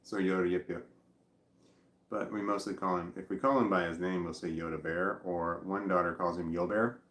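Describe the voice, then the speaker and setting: A middle-aged man vlogging in casual chat, rambling and halting, with blunt swearing. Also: sits low, steady tone, a bit bright, echoey room.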